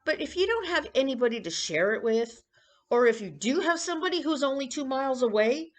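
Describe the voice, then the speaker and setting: A woman in her sixties rambling and confiding in a casual personal vlog, with coughs and throat-clearing. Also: high voice, expressive, brisk. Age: 60s. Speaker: vlogger.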